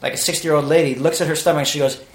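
A man with a slightly high voice tells a story in casual chat. He swears freely and keeps it lively. The voice has a roomy echo around it. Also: rapid-fire. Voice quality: profane, animated storyteller who acts out voices. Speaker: podcast co-host.

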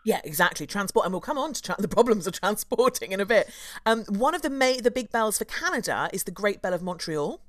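A woman from London, a tour guide hosting a casual chat, playful and quick to laugh. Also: mid-range voice, expressive, fairly bright tone, no echo, studio quality. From London, England. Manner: chatty, playful, laughs often.

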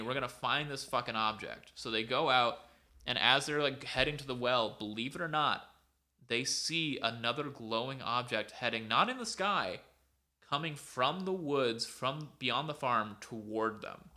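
A podcast co-host casually retells a story over a video call, rambling and packing it with "like" and "um." His medium-pitched voice sounds pushed and bright.

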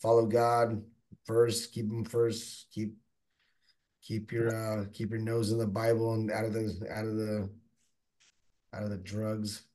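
A man guest on a podcast, talking excitably and stuttering as he urges listeners on. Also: on the low side, a little slow. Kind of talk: casual chat and fervent exhortation.

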